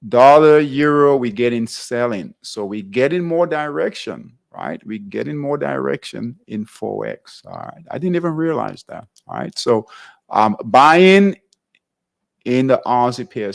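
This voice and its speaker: A man's voice: mid-range voice, gravelly. A man hosting a live trading workshop, thinking aloud over charts and checking in with "all right?" between phrases. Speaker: trading show host.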